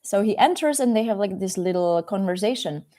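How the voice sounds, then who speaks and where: Chatty woman teacher with a mellow voice. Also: medium pitch, animated, a little fast. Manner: casual and chatty, with frequent fillers. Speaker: Czech teacher. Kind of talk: live storybook reading lesson.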